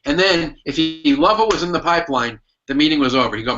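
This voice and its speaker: Bright-voiced man explaining sales management. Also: on the high side, lively intonation, fast, hardly any pauses, lo-fi sound. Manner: emphatic storytelling, acts out his old manager's lines. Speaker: sales consultant and author, guest. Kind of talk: podcast interview answer.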